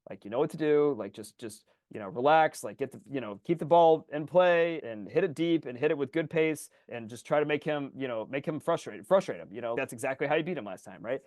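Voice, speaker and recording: A man co-hosting a podcast, telling stories in casual chat, swearing freely and loudly acting out his own thoughts. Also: mid-range voice, lively intonation, brisk, few pauses, no room sound, clean studio sound. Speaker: podcast co-host.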